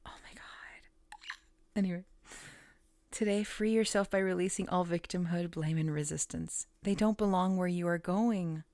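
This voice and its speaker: Low, soft-spoken woman reading tarot. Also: moderate pace, hardly any pauses, no echo. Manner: soft-spoken and musing, trailing off and restarting. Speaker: tarot reader.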